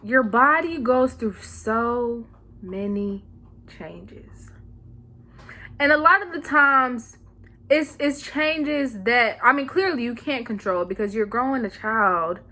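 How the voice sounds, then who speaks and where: A young woman vlogger talks casually to her camera, sassy and animated. Her voice sits high and sounds bright and crisp. She throws in playful slang between points. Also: takes it slowly.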